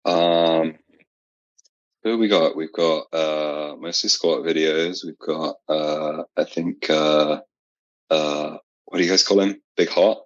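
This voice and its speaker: Very deep-voiced British man, halting. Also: steady tone, dry recording. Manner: halting, filler-heavy. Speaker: podcast guest. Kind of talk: casual chat. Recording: dull lo-fi audio.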